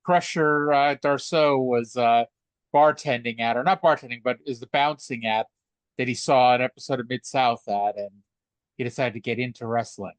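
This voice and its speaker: A man's voice: mid-range voice, fairly even intonation, moderate pace, smooth, no echo. A man co-hosting a podcast, joking and rambling in casual chat. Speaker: podcast co-host.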